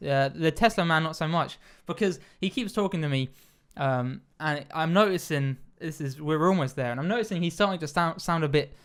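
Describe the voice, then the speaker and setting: Fast-talking man telling a story. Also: a little high, clean tone. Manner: rambling, stammering restarts, swears freely. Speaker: podcast host. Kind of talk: casual storytelling chat.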